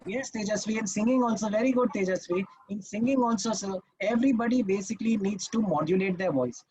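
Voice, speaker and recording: Emphatic trainer on a call. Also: male voice, high-pitched, darkish tone, slightly rough, dry recording, poor audio. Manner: emphatic and instructive, checks in with "Okay?". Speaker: public speaking trainer. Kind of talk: live online masterclass. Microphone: video call.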